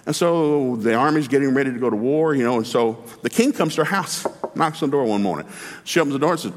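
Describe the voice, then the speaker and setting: A man's voice: mid-range voice, lively intonation, fast talker. A man preaching a sermon in a folksy, humorous, emphatic way, acting out the dialogue of his stories. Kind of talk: lively sermon with storytelling. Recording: long hall reverb.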